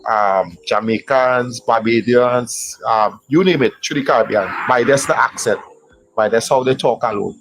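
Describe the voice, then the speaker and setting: A man's voice: medium pitch, normal speed, fairly bright tone, a little hiss or hum, rough recording. A man from Trinidad with a Trinidadian accent, calling into a casual live stream and speaking hesitantly with many fillers and restarts. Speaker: caller.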